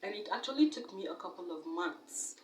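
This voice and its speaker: A young woman vlogger talking candidly to camera in a casual, animated way, sometimes laughing at herself. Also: medium pitch, fairly quick, reverberant, distant mic, slight background noise, rough recording.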